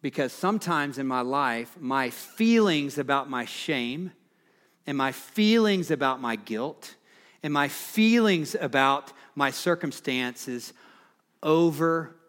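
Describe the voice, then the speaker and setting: Impassioned pastor preaching slowly. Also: male voice, fairly high pitch, animated, a bit bright. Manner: impassioned preaching, rising emphatically on key phrases. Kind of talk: sermon.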